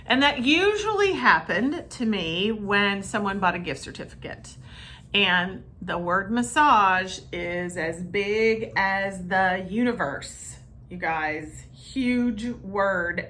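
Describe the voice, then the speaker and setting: A woman massage therapist telling a story to camera in a chatty, animated way, talking straight to her viewers. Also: medium pitch, slow. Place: her treatment room.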